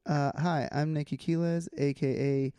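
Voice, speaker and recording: A man's voice: on the high side, fairly even intonation, normal speed, warm tone, clean tone, no echo. A man co-hosting a podcast in casual chat, laughing often and bantering easily. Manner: laughs a lot, easygoing banter. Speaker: podcast co-host.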